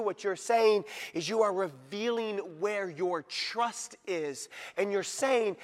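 Male pastor, high voice, sermon in a church with long hall reverb; drops to near-whispers, then builds to shouts. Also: takes it slowly, few pauses. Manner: dramatic swings from hushed to shouted.

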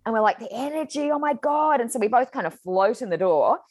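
A woman hosting a casual chat, energetic and chatty, often saying "like" and "oh my God.". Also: fairly high pitch, fairly quick, no echo.

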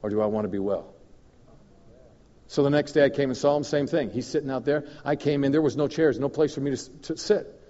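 Animated man preaching in a hall. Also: fairly quick. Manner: animated, swings between loud emphatic and low confiding. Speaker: guest minister. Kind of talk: storytelling sermon. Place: church hall. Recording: dull recording in a reverberant hall.

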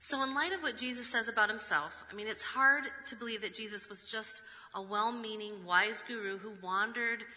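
A woman preaching a sermon, measured, reading scripture with rhetorical asides. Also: on the high side, sharp tone. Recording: long reverb of a large hall.

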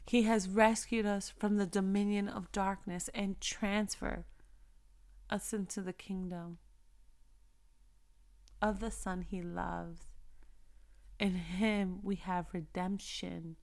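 A woman giving a casual, encouraging faith talk aimed at other women. She sounds preachy and direct, often slowing right down to press a phrase home. Her pitch sits in an ordinary middle range. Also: flat delivery, darkish tone. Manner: preachy and encouraging, slows down to stress phrases, talks straight to her listeners. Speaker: Christian devotional speaker.

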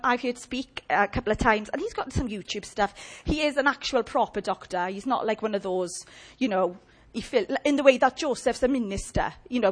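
A woman preaching a lively, humorous sermon and chatting with her audience. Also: fairly high pitch.

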